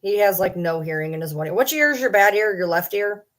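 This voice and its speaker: A woman's voice: mid-range voice, fast, fairly bright tone. A young adult woman chatting casually on a livestream from home, rambling and joking about herself. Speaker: streamer.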